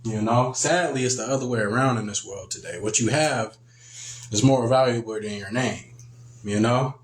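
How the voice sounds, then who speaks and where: Male preacher, medium pitch, relaxed conversational teaching, roomy sound. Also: moderate pace. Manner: acts out quoted voices in a higher pitch, conversational. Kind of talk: casual spoken teaching.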